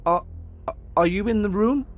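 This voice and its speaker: A theatrical gentleman ghost hunter, as a storyteller puts him on, calling out to the spirits in a lifted, higher voice. He sounds showy and self-assured, with grand, solemn phrasing, and faint music plays underneath. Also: sing-song, slow, exaggerated voice. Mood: panicked. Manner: theatrical, solemn invocations turning panicky. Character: showy male ghost hunter leading a séance.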